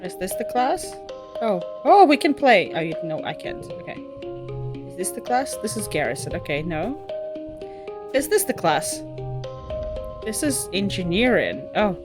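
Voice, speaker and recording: A young woman chats excitably while streaming a game, laughing and swearing often. Her pitch leaps around with lively energy. Soft music plays quietly in the background. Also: unhurried, long pauses. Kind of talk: casual gameplay chat.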